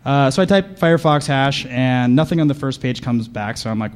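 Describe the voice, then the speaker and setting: A man's voice: medium pitch, normal speed. Sarcastic man joking at a conference. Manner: sarcastic, deadpan jokes with audience asides. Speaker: conference speaker. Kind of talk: comedic conference talk. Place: conference hall with audience.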